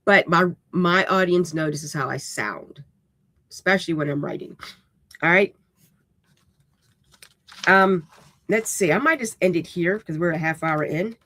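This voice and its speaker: A woman's voice: fairly low pitch, a little slow, pauses often, pushed and bright. Blunt, casual woman teaching writing. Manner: casual and direct, checks in with "okay?"; unapologetically raw way of speaking. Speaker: writing instructor and host. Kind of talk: live-streamed writing lesson.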